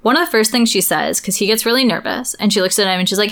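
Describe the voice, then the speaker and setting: A young woman co-hosts a podcast, talking fast in a medium-pitched, fairly bright voice. She's enthusiastic and opinionated in the casual chat, using lots of "like" as filler.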